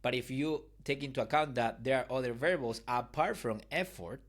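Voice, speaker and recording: A man's voice: medium pitch, a little fast. A man with a mid-range voice hosts a conversational podcast. He builds his argument step by step and keeps stopping to ask whether it makes sense. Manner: reasoning aloud, checks understanding often. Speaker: podcast host. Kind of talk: explanatory conversation.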